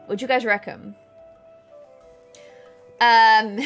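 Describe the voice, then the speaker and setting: A young woman chatting casually and excitedly while playing a co-op farming game with friends. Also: medium pitch, moderate pace, faint music behind. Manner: bubbly, excitable, giggly. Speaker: gaming streamer. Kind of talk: casual co-op gameplay chat.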